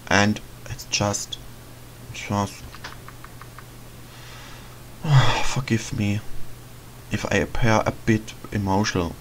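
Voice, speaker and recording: A man voicing a lonely, motherly female witch in a game, speaking softly and hesitantly. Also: lowish voice, steady tone, drawn-out words, long pauses, a little hiss or hum, low-quality recording. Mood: tender. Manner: soft, motherly, hesitant, sighing. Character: lonely, gentle female forest witch, middle-aged. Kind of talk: reading game dialogue aloud in a let's play.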